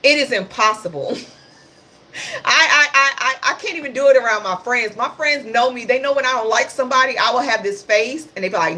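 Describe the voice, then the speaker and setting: A woman's voice: on the high side, fairly quick, pushed and bright. A woman hosting a casual livestream, talking about the news in a passionate, sarcastic and blunt way. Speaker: livestream host.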